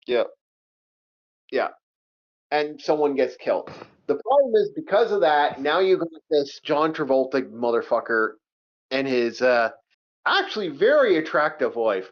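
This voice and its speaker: A man co-hosting a casual movie review chat, animated and swearing a lot as he repeats himself. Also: mid-range voice, a little slow. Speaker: co-host of a movie review show. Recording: dull lo-fi sound.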